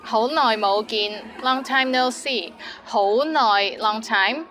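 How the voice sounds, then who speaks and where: A woman's voice: on the high side, slow pace, fairly bright tone, slight background noise, poor audio. A woman teaching Cantonese words, saying each word twice and then giving example sentences. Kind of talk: language lesson.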